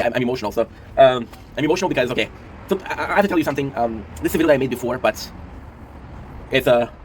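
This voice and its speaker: A man's voice: medium pitch, breathy edge. A man in his thirties hosting a casual commentary show, rambling emotionally with lots of fillers and swearing. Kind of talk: casual chat to camera.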